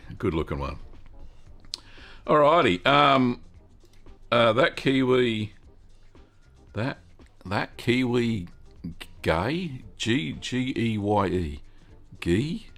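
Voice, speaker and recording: A man's voice: fairly low pitch, expressive, a little slow, vocal fry, pauses often, fairly bright tone, faint music behind. Chatty Australian man hosting a livestream. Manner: chatty, greets viewers by name, thinks aloud with many ums. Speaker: host of a live cheese-making Q&A stream. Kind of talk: casual live-stream chat.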